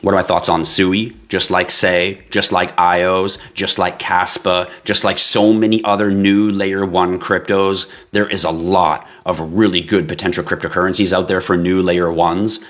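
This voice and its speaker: A man from Canada hosting a crypto livestream, chatting casually with viewers and reading their comments in a profane, teasing, animated way. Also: sits low, moderate pace, hardly any pauses.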